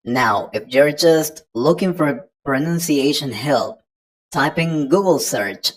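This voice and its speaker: Woman English tutor, very low voice, slow and patient, walks learners through each point. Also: lively intonation, low-quality recording. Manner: patient, explains step by step to the learner. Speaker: English teacher. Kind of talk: online pronunciation lesson.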